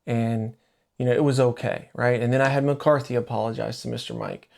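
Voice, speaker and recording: A middle-aged man hosting a podcast, telling a personal story in a conversational way and acting out the dialogue with lively jumps in pitch. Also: a little fast, creaky. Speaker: podcast host. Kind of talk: storytelling monologue.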